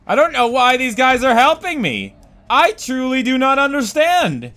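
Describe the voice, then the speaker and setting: A man commentating on a video game he is playing, excitable and bewildered, dropping to mutters and then bursting into shouts and swearing. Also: very high voice, normal speed. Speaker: let's play host. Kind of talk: gaming commentary.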